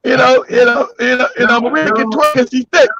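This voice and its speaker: A man hosting a casual comedic talk show, telling stories loudly and laughing often. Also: very high voice, fairly quick, a loud crowd. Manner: loud, laughing, animated storytelling. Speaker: podcast host. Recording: dull dry lo-fi audio.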